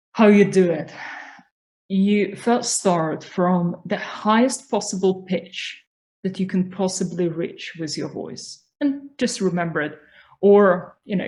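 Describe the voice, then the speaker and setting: A woman coaching on spiritual growth, speaking slowly and calmly. Her voice sits a little low, and she explains each point patiently and deliberately. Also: low-quality recording. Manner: slow, calm, explanatory. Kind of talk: instructional talk on voice.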